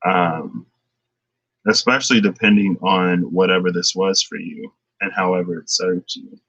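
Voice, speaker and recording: A man's voice: low-pitched, measured pace, creaky, no echo, lo-fi sound. Chatty man giving a tarot reading. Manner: chatty, thinking aloud, animated retelling. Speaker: tarot reader.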